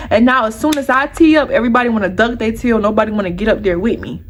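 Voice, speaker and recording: A young woman vlogger telling a personal story to her viewers in an animated, heated, profane way. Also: sits high, fast, few pauses, slight background noise.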